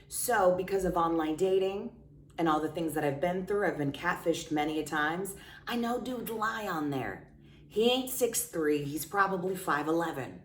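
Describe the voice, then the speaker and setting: Woman vlogger, low-ish voice, frank and joking, roomy room, set back from the mic. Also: slight background noise. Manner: candid, chatty, self-mocking. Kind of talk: casual confessional storytelling. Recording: roomy sound, distant from mic.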